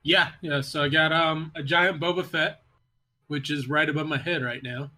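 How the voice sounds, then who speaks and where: A man's voice: fairly high pitch, steady tone, moderate pace, bright, forceful tone. A man co-hosting a podcast in casual chat, laid-back and stammering a little as he restarts sentences. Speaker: podcast co-host.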